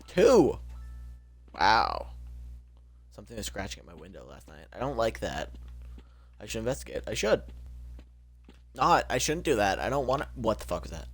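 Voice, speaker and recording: A young man streams a game and talks through it casually, cracking jokes and blurting out reactions. His pitch swings widely and stays animated throughout. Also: moderate pace, long pauses, breathy edge, dry recording. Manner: jokey, exclaiming, talking to himself. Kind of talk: casual gameplay commentary.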